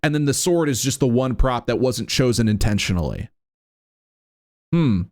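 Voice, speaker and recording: A man in the middle of his pitch range, giving reaction commentary on a clip. He sounds incredulous and sarcastic, and keeps asking "right?" as he builds his case. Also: expressive, moderate pace. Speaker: commentary host.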